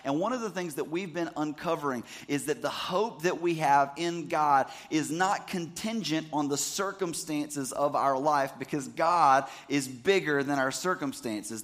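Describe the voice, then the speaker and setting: A pastor in his thirties gives a sermon in a slightly high, somewhat bright voice. He talks casually and checks that the congregation is keeping up.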